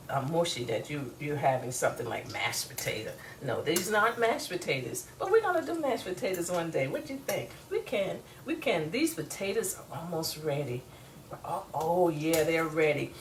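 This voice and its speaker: A woman with a fairly low voice hosts a casual cooking demo in her home kitchen, talking to viewers in a folksy Southern US manner. The poor-quality audio carries a little hiss or hum, and loud sizzling from a frying pan sits behind her voice.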